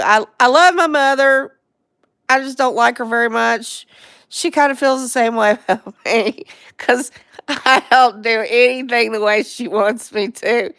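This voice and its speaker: A woman's voice: fairly high pitch, gravelly, fairly bright tone, dry recording, studio quality. A middle-aged woman hosting a casual livestream chat, rambling along, chatting to viewers and laughing often. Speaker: livestream host.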